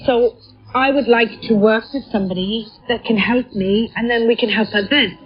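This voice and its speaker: A woman's voice: a little high, moderate pace. A woman from England speaking with a Welsh accent, heard with a heavy cold, talking candidly in a radio news interview. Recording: muffled shortwave radio broadcast.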